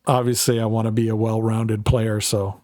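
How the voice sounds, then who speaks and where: A man's voice: on the low side, level tone, normal speed, darkish tone, no room sound, clean studio sound. Rambling man streaming a tank game. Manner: rambling, filler-heavy, swears casually. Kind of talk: casual live gaming commentary.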